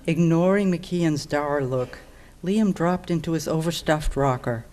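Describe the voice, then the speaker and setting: A woman's voice: sits low, unhurried, a little mellow. Woman reading her own short story. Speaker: author.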